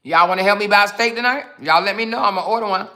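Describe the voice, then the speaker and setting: Sassy, bright-voiced woman livestreamer. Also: medium pitch, fast talker. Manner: sassy, mocking, talks straight to viewers. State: snacking while talking. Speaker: livestream host. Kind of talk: casual livestream chat, reading viewer comments.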